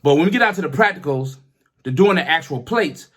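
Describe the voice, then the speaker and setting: A middle-aged man, a comedian, telling a personal story in a profane, animated way, often restarting his sentences. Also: on the high side, brisk. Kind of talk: casual storytelling.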